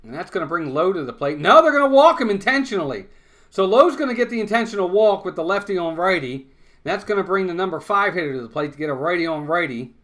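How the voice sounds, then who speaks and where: A man with a high, bright voice calling a baseball game play-by-play. He talks conversationally between pitches, breaks down strategy plainly, and gets loud and blunt when a play goes wrong. His tone stays lively and sharp throughout. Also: fast. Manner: conversational, excitable on big plays, blunt criticism. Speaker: fan play-by-play commentator. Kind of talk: live baseball play-by-play commentary.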